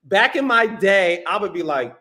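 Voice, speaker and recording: A man with a high, bright voice hosts a casual podcast chat. His pitch jumps around a lot as he tells a story, stumbling and repeating words as he goes. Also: expressive, moderate pace. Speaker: podcast host.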